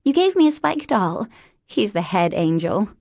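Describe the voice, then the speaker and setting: A woman voicing a childlike, eager and affectionate young woman in an audiobook, with a high, bubbly voice. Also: sing-song, normal speed, gravelly, a little mellow, dry recording, studio quality. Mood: excited. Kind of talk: audiobook character voice.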